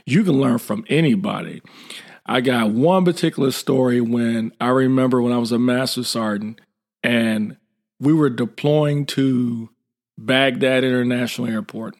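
A gravelly-voiced middle-aged man shares an army story in a blunt, informal way. He keeps the telling lively and slips into the voices of the people in it. His pitch sits in a middling range. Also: normal speed. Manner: lively, acts out quoted dialogue. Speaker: military veteran guest. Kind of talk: casual storytelling.

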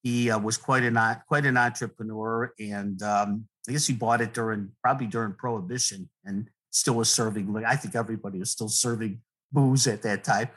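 A middle-aged man, a guest poet, talking in a rambling, earnest way, with many restarts and soft laughs. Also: lowish voice, steady tone, fairly quick, poor audio. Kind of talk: relaxed conversational interview.

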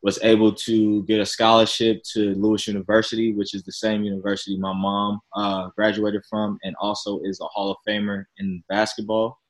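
A young man from Chicago, a podcast guest, telling his story in a relaxed, chatty, self-deprecating way. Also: lowish voice, moderate pace, few pauses, low-quality recording. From Chicago, Illinois. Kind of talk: casual interview storytelling.

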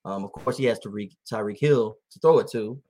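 A man chatting casually on a podcast, telling animated stories and laughing often. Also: fairly low pitch, fairly quick. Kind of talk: casual chat.

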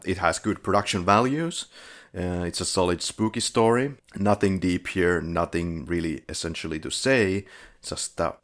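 Deep-voiced laid-back podcast man. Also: a bit bright. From Finland. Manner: laid-back, chuckles while reviewing, dry sarcasm. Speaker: podcast co-host. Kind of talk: casual film review chat.

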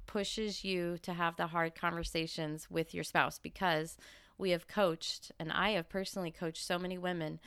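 Smooth-voiced woman co-hosting a podcast. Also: lowish voice, fairly bright tone, no room sound. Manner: frank and teasing. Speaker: podcast co-host and marriage coach. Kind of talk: casual chat.

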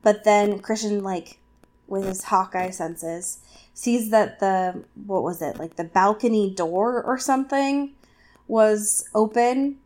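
A woman co-hosting a casual podcast, recapping a novel chapter with lots of fillers and quick asides. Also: mid-range voice, a little mellow. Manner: chatty, filler-heavy, acts out characters in quick asides. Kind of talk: casual chat.

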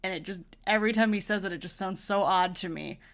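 A woman co-hosting a podcast in casual, animated chat, poking fun at herself. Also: medium pitch, quick pace. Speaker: podcast co-host.

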